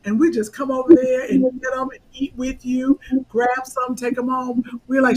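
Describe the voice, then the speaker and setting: A woman co-hosting a comedy podcast, teasing her partner in quick casual banter. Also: high voice, flat delivery, darkish tone, rough recording. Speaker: podcast co-host.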